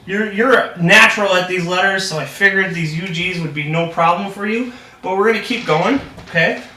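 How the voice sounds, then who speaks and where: In this role-played practice lesson, a young man takes the part of a reading tutor, his high voice brisk, bright and pushed. He keeps things upbeat, encouraging and full of praise. Captured on a distant mic in an echoey room, the audio carries slight background noise.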